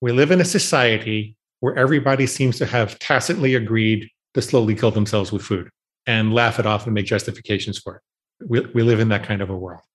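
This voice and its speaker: A man's voice: on the low side, fairly quick. A man in his fifties, a guest in an interview, telling stories about his research in an earnest way and repeating phrases for emphasis. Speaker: guest, researcher on eating habits. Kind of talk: storytelling interview answers.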